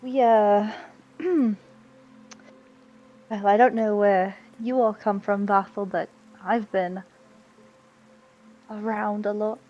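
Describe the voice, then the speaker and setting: A woman's voice: mid-range voice, steady tone, slow pace, long pauses, lo-fi sound. A woman playing a tabletop game, speaking casually and in character. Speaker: player.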